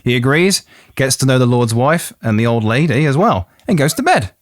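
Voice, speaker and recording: A man's voice: medium pitch, big pitch swings, no echo, studio quality. Playful Midlands man retelling a legend. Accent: English Midlands. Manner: playful, quick to laugh at his own jokes. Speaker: podcast host.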